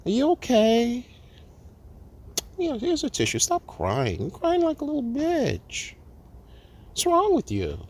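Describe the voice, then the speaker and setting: A man voicing a condescending scold who taunts in a high falsetto. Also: huge pitch swings, takes it slowly, long pauses, slight background noise, full character voice. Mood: mocking. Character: shrill mocking scold, adult, condescending.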